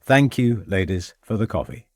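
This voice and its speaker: A man's voice: on the low side, animated, normal speed, darkish tone, dry recording, studio quality, close to an everyday voice. A man doing a courteous, formal police inspector. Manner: polite, formal.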